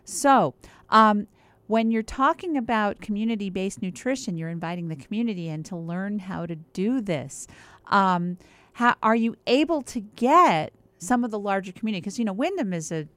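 A woman's voice: mid-range voice, expressive, normal speed, a bit bright, no echo. A woman hosting an interview and working in nutrition practice, chatty and running on with asides. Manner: chatty, talks at length with asides. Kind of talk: casual interview talk.

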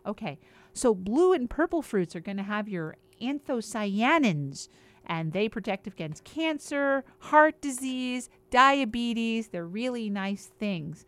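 Her fairly high, expressive voice has a fairly bright tone, and she speaks slowly with no echo. She's a woman on a regular show, chatting upbeat about health and rattling off one example after another.

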